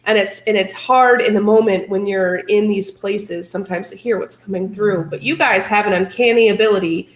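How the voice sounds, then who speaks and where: A woman hosting a casual conversation, upbeat and talkative. She speaks at a middle pitch, and her voice carries some room echo. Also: normal speed, few pauses. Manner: chatty, upbeat, laughs often. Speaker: paranormal channel host. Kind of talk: casual chat.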